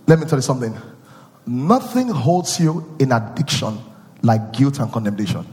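A man preaching a sermon with call-and-response, swinging from loud chanting to low, intimate asides. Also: expressive, moderate pace. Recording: long hall reverb with faint music.

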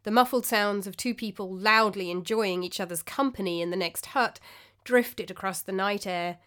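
A woman reading a story aloud in measured, even narration. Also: medium pitch.

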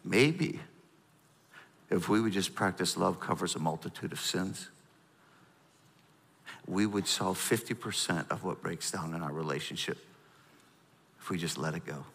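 A middle-aged man preaching a sermon, animated and storytelling, prompting the congregation. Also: low voice, measured pace, vocal fry, long pauses, husky, long reverb tail. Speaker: pastor.

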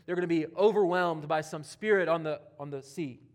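A man preaching a sermon, animated and conversational, swinging from loud emphatic passages to quiet, near-whispered ones, with casual asides. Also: on the high side, brisk. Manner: conversational, with casual asides and playful quoted voices. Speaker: pastor.

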